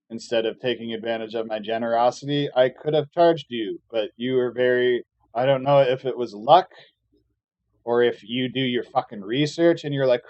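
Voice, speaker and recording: A man's voice: medium pitch, normal speed, a little mellow, dry recording, lo-fi sound. A man streaming a casual, rambling rant full of filler words and profanity, often sarcastic and mocking. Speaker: live streamer. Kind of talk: casual ranting monologue.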